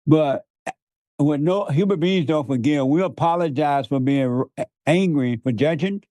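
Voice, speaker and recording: A man's voice: fairly high pitch, normal speed, warm tone, no room sound. A man preaching in conversation, emphatic, repeating words for stress and laughing often. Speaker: guest preacher.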